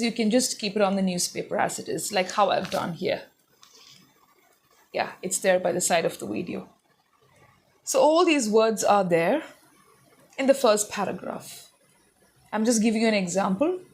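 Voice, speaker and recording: A young woman teaches English pronunciation in a recorded lesson, pausing to say each word out slowly and clearly. Her pitch sits in a middle range for a woman, and she talks to her learners in a patient, explaining manner.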